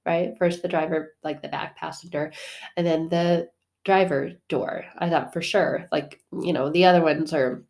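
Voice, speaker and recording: A woman with a fairly low voice tells a personal story in a loose, chatty way. She fills her talk with fillers and jumps between hushed asides and loud, excited bursts. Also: vocal fry. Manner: animated, swings from hushed to loud, lots of fillers. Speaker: podcast host. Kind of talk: casual storytelling.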